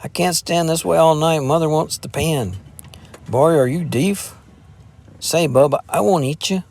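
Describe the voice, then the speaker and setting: A hearty young farm lad, played by a male narrator, pitched up higher and brighter than the reader's own voice. He calls out good-naturedly but trips over his words when embarrassed. A storybook character read aloud. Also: a little slow. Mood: cheery. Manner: hearty, then stammering and embarrassed. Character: cheerful bashful farm lad, about twenty.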